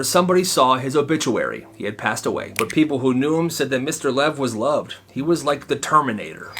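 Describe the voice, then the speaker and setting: Male comedy storyteller, animated and punchy, lively pitch, faint music bed.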